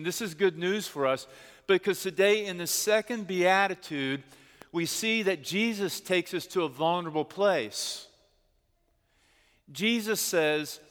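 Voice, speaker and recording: A man preaching to his congregation in an earnest, storytelling way, slowing down to lean on the words that matter. His voice sits a little higher than most men's. It rings out through a church sanctuary with a long, trailing reverb. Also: a bit bright, smooth. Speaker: pastor. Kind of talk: sermon.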